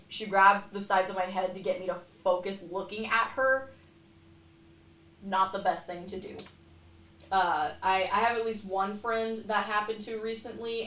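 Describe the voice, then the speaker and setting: A woman chats through a personal story on a livestream, stopping and restarting often with plenty of fillers. Her voice sits at a medium pitch and sounds a little distant from the microphone. The room around her is echoey. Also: a bit bright. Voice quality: chatty, many fillers and self-corrections. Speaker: webcomic artist streaming. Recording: echoey room, voice a bit far from mic.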